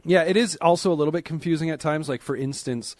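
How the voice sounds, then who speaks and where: A man's voice: on the high side, fast talker, a little mellow, dry recording. A man co-hosting a podcast in casual chat, rambling and trailing off, laughing often. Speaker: podcast co-host. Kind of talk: casual chat about wrestling.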